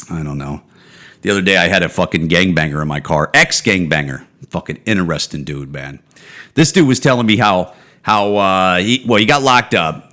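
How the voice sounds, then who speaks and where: Profane rambling podcast man. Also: a bit bright. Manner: profane, rambling, trails off with low "dude" and "man". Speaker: podcast host. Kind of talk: casual solo rant.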